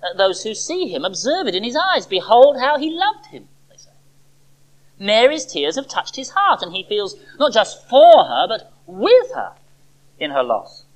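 A preacher giving a sermon to a church service, expressive, with dramatic pauses and rhetorical questions. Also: medium pitch, poor audio.

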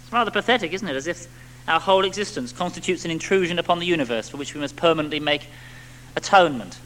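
A man preaching a sermon to a congregation, animated, with rhetorical tag questions and little acted-out quotes. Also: on the high side, fast, a little hiss or hum, poor audio.

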